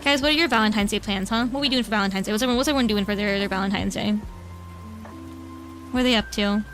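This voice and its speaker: A woman's voice: medium pitch, rapid-fire, a bit bright, faint music behind. A young woman streaming at home, chatting casually with viewers while she draws and cooing at her cat. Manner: bubbly, chatty, coos baby talk at her cat. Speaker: vtuber streamer. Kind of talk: casual livestream chat while drawing. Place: home room.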